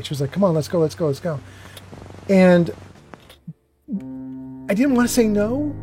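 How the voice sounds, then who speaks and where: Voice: medium pitch, a little mellow. A streamer talking through a game and rambling into a self-deprecating story, full of fillers. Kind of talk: gameplay commentary and storytelling.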